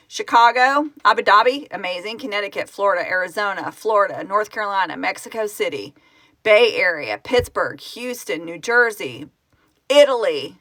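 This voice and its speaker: A middle-aged woman, the founder of a fan project, chats informally on a phone-recorded live stream and becomes tearful as she lists viewers' locations. Her voice sits at a medium pitch with a fairly bright tone and no echo.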